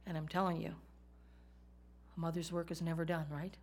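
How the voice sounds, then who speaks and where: A woman delivers a sermon with a somewhat low voice. She talks in a conversational way and keeps turning to her listeners with rhetorical questions. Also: flat delivery, moderate pace. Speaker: Bible teacher.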